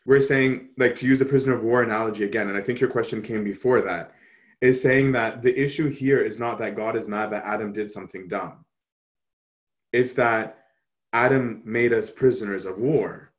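A man answering questions on Christian theology in a relaxed, conversational way, often checking in with "right?". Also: lowish voice, moderate pace. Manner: animated, conversational, frequent "right?" tag questions. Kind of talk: casual theological discussion.

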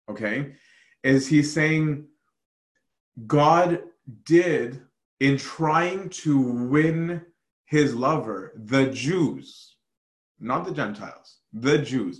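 A man, a priest, teaching scripture in a lively, conversational way, with many fillers and restarts. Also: medium pitch. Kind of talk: scripture study talk. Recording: echoey room.

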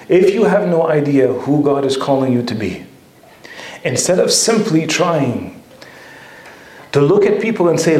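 A man's voice: fairly high pitch, animated, moderate pace, darkish tone, echoey room. A male priest telling a funny story to an audience, self-mocking and often laughing. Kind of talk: humorous storytelling talk to an audience.

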